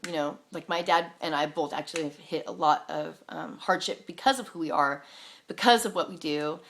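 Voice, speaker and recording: A woman's voice: deep voice, a bit bright. A woman talking in a casual, rambling monologue, candid and defiant, full of swearing, "like" fillers and restarts. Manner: profane, many "like" fillers and restarts. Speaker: vlogger sharing spiritual stories.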